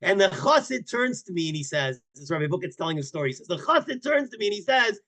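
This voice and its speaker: A rabbi speaks fast in a high-pitched voice as he leads a Torah class. His storytelling is animated, full of repeated words and sudden loud emphasis.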